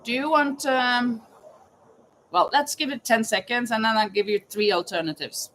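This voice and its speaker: A woman's voice: on the high side, normal speed, fairly bright tone, a little hiss or hum, poor audio. A woman hosting a casual live chat, reading trivia questions aloud and greeting viewers by name. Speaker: livestream host running a trivia quiz.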